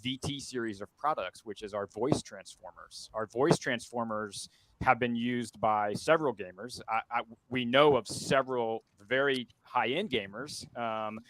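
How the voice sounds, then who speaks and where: A man on a webinar panel speaking into a headset boom mic over a video call, halting and full of restarts. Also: fairly bright tone, slight background noise, poor audio. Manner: halting, many restarts and fillers. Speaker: company representative on a panel.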